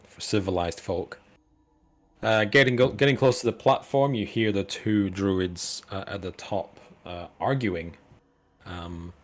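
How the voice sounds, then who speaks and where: A low-voiced man narrates a tabletop game as game master. He talks casually, stopping and restarting his sentences as he describes the scene. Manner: loose, full of fillers and restarts.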